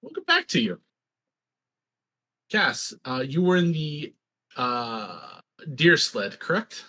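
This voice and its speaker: A man's voice: fairly high pitch, sing-song, slow pace, bright, forceful tone. A man running a tabletop game as game master, narrating scenes with a playful, teasing manner.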